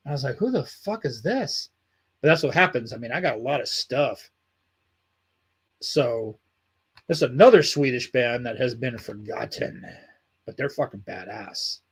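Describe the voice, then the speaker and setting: A man's voice: on the high side, slightly rough. A man hosting a livestream, chatting casually and reading out viewer comments, with loose, heavily profane talk. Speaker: livestream host.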